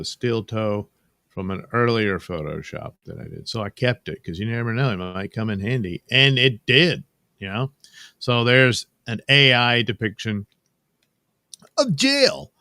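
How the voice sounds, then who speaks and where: A man's voice: medium pitch, sharp tone, dry recording, clean studio sound. A man casually narrating his drawing process with rambling, wry, sardonic asides. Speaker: cartoonist and channel host.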